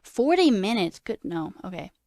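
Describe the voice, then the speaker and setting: A woman's voice: medium pitch, very animated, normal speed, darkish tone, no echo. A woman streamer chatting casually with her viewers, trailing off and answering chat as she goes. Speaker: coding livestreamer.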